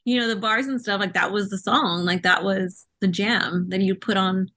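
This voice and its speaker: A woman's voice: mid-range voice, fairly even intonation, moderate pace, pushed and bright. A woman co-hosting a podcast in casual chat, talkative and peppering her talk with "like". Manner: chatty, many "like" fillers. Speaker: podcast co-host.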